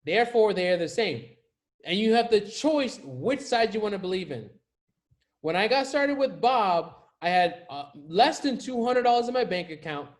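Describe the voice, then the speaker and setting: A man's voice: high voice, lively intonation, normal speed. A man coaching viewers in a casual motivational talk to camera, emphatic and slangy, often repeating his key phrases for effect. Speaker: life coach.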